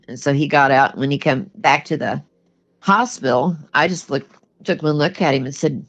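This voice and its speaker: An older woman guest, her voice sitting low at a moderate pace, tells a personal story in an earnest, plainspoken way peppered with "you know." The recording is dull and lo-fi, with faint music.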